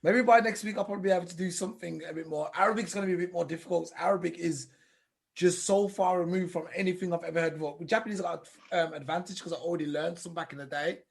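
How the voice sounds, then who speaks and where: A man's voice: high-pitched, fairly even intonation, quick pace, creaky. A man co-hosting a podcast in casual chat, who explains at length and tries out foreign phrases. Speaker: podcast co-host.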